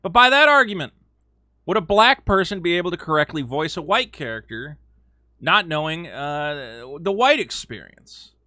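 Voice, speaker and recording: A man's slightly high voice moves at a moderate pace as he hosts a video of casual opinions. He sounds animated and sarcastic, imitating people mockingly and using frequent fillers, captured in clean studio sound with no room sound.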